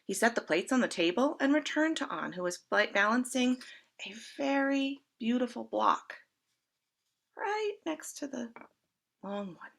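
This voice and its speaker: A woman reads a picture book aloud for children in a bright, expressive voice. She takes her time, her pitch moves a lot, and she gently asks the listeners questions. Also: measured pace, gravelly. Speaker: storyteller. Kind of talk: children's story reading.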